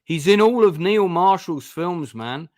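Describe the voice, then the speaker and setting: A man's voice: high voice, animated, a little slow, darkish tone, no room sound, studio quality. A man hosting a casual review discussion, retelling scenes in a rambling way with frequent restarts. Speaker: host of a review channel.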